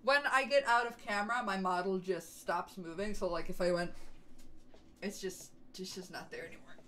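Streaming from home, this young VTuber keeps up a bubbly, chatty conversation with viewers and slips into baby talk for her dogs. She speaks at a moderate pace in a mid-range, slightly bright voice. Audio quality is poor, with a little background noise.

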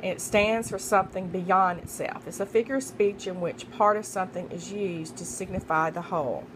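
Woman slowly reading study notes aloud. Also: fairly low pitch, noisy background. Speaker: student making a study guide.

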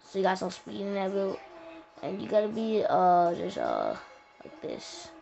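A woman's voice: mid-range voice, huge pitch swings, measured pace, creaky, mellow. Woman, casual game walkthrough, rambling slangy delivery, muffled lo-fi audio. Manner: rambling, slangy, with many restarts. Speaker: gaming tutorial host. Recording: dull lo-fi sound with faint noise.

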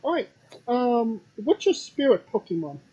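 A host asking casual interview questions with a dry, relaxed humor. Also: medium pitch, measured pace, breathy edge, highs cut off. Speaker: podcast host.

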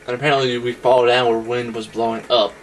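A man's voice: mid-range voice, little pitch movement, a little fast, a little hiss or hum. A man chatting casually during a video game session, making short, dry remarks to his co-player. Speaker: channel host watching a co-player. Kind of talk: casual let's-play chat. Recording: faint game music behind.

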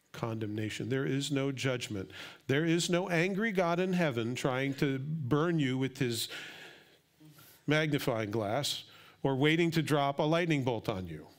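A middle-aged male pastor giving a sermon, swinging from quiet, intimate asides up to loud, excited emphasis. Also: mid-range voice.

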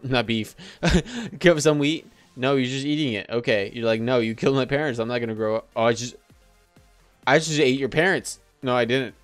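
A man chatting his way through a survival game, excitable and talkative, narrating every move as he thinks aloud. His voice sits at an ordinary middle pitch. Soft background music plays faintly underneath. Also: no room sound. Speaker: let's play gamer. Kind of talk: casual gameplay commentary.

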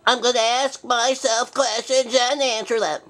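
Squeaky forgetful old bear rabbi puppet, stubborn and flustered man doing the voice. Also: flat delivery, unhurried, a bit bright, a faint crowd. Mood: indignant. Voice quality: high-pitched, bumbling and cranky. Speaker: show host. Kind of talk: puppet comedy skit.

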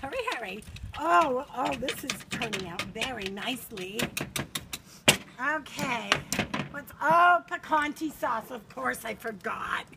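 Older lady doing a high swooping tv chef voice, fluttery and bossy, noisy home video. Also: animated, takes it slowly, vocal fry, full character voice. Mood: playful. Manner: fluttery, exclaiming, bossy with helper. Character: impression of a famous warbly older woman TV chef. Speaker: grandmother hosting a mock cooking show. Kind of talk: playful mock cooking demo. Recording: home video with loud background noise.

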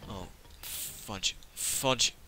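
A man's voice: very slow, sharp tone, a little hiss or hum. A man giving casual let's-play commentary, full of sarcastic, joking asides to the game.

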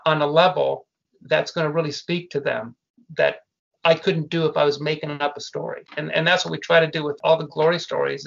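Gravelly and fairly bright, the voice of this older man leans high as he chats as a guest about founding his family business. He restarts sentences often while earnestly telling stories, heard through muffled, lo-fi audio.

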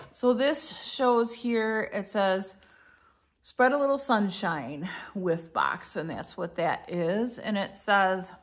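A woman's voice: mid-range voice, fairly bright tone, a little hiss or hum. A middle-aged woman chatting casually through an unboxing at home, meandering with fillers and self-corrections. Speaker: vlogger reviewing a subscription box.

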